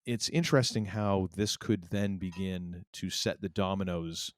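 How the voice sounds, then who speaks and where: A man co-hosting a podcast, chatting casually in a rambling, animated way. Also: low-pitched. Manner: rambling, animated, quick laughs. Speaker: podcast co-host. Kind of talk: casual chat.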